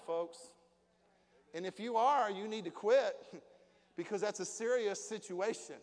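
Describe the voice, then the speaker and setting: A man's voice: sits high, unhurried, pauses often. A middle-aged pastor preaching to his congregation in a folksy way, asking them questions as he goes. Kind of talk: sermon. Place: church hall. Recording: long hall reverb.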